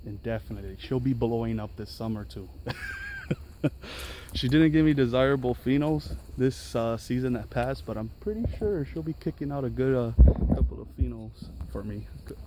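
Out on a mountain trail garden with noise in the background, a Los Angeles-area vlogger excitedly shows off his peppers. He speaks at a moderate pace in a medium pitch, keeping the walkthrough casual and chatty.

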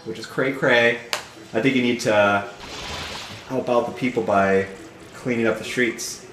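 Over game music in an echoey room, a man with a mid-range voice and a slightly slow pace co-hosts a charity game stream. He chats casually, jokes around while the game plays, and stays animated, sometimes slipping into silly voices.

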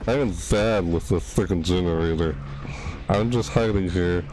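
A man with a low-pitched voice talks at normal speed amid background noise. As a gaming channel host playing at home, he chats casually about his gameplay, talks to himself, and gets flustered easily.

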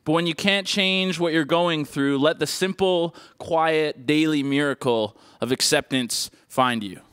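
A man's voice: a little high, measured pace, fairly bright tone, smooth, no room sound. A man putting on his female co-host's voice. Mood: earnest. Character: woman co-host reading a quote gently.

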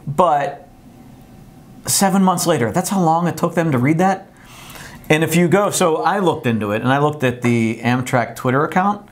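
A man's voice: fairly high pitch, normal speed. A man hosting a casual live-stream chat, talking animatedly and reading posts aloud with laughs. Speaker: host.

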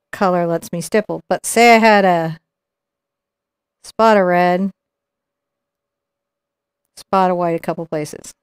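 A woman's voice: medium pitch, clean tone, no room sound. A middle-aged woman teaching acrylic painting live, chatting and explaining each brush move as she paints. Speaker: painting instructor.

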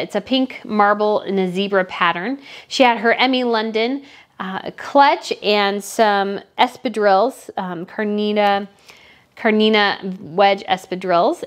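A woman with a medium-pitched voice chats casually as a royal fashion commentator. She's talkative and opinionated, raving about some outfits and blunt about others.

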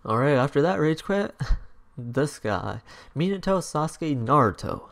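A young man commentating his own online match, swearing and yelling in angry outbursts at his opponent. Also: fairly high pitch, very animated, unhurried, creaky. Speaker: gaming YouTuber. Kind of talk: live gameplay commentary.

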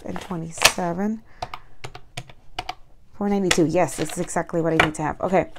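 A woman with a hoarse voice chatting casually as she counts out cash for a budgeting vlog, murmuring numbers and talking excitedly to viewers. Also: lowish voice, moderate pace, long pauses, very noisy. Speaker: budgeting vlogger.

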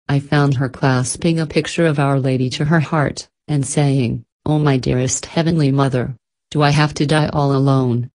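Low-pitched lady reading an audiobook aloud, calm and reverent. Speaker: audiobook narrator. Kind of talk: scripted narration.

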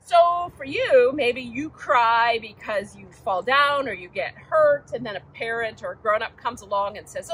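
An older woman with a fairly high, bright, forceful voice gives a children's message in church. She talks in a gentle, chatty way and often asks the children questions. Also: lively intonation, a little slow, hardly any pauses, slight background noise, rough recording. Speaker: church children's time speaker.

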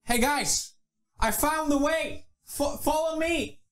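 A man doing goofy comedy sketches on camera, clowning in a mock-dramatic way and bursting into shouts. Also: extremely high pitch, slow pace. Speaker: YouTuber.

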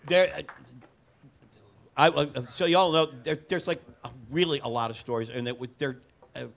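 Man, onstage interviewer and co-writer, halting delivery, full of ums and restarts. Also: a little high, creaky, some chatter behind. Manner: hesitant, many fillers and restarts.

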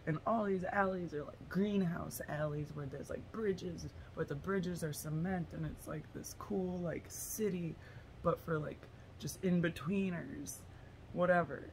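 A woman's voice: deep voice, a little hiss or hum. A woman rambling through a silly story idea in a casual monologue, giggling, swearing and losing her train of thought. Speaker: tarot vlogger.

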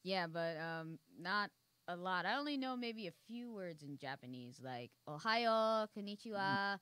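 A woman's voice: fairly low pitch, lively intonation, normal speed, fairly bright tone, no echo. A woman co-hosting a casual interview, giggling often and reading out viewer questions. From Ohio, United States. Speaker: podcast co-host.

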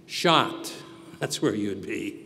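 A male pastor delivering a sermon in an earnest, preaching manner, dropping to quiet reflective tones and then rising to forceful emphasis. His voice sits at an ordinary middle pitch. The sound carries a long echo of a large hall, with a faint hum of room noise underneath. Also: a little slow. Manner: earnest preaching, swinging between soft reflection and loud emphasis. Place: church hall.

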